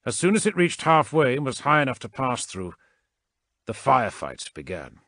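A man reads action fiction as an audiobook narrator with dramatic expression. His pitch swings widely as the scenes build. The recording is dry and close, with no room sound. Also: big pitch swings, normal speed, a bit bright, no echo. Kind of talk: scripted narration.

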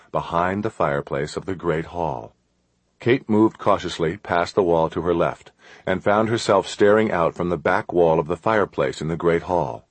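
Deep husky male audiobook narrator. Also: no room sound. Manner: steady, measured storytelling.

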